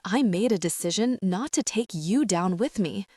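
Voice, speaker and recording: A woman's voice: mid-range voice, expressive, moderate pace, darkish tone, husky, no echo, studio quality. A woman reading the lines of an anguished young man confessing old trauma, in a strained, choked voice. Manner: strained, choked, hissing delivery. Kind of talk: audiobook character reading.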